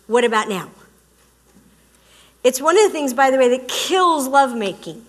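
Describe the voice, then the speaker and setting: A woman giving a humorous talk on relationships to a live audience, emphatic and animated. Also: high voice, normal speed. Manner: animated and emphatic, acting out quotes. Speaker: relationship speaker. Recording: long hall reverb.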